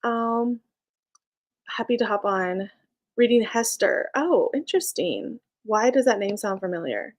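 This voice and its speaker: A woman's voice: mid-range voice, lively intonation, measured pace. Young woman chatting on her live, bubbly and giggly, reading comments out. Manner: chatty, bubbly, laughs often. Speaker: small business owner and live streamer. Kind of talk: casual live stream chat, reading comments.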